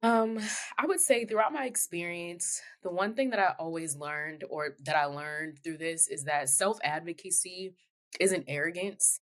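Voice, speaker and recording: A woman from the United States who is a guest on a podcast, speaking in a low voice. She tells her personal story in an earnest, heartfelt and candid way. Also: moderate pace.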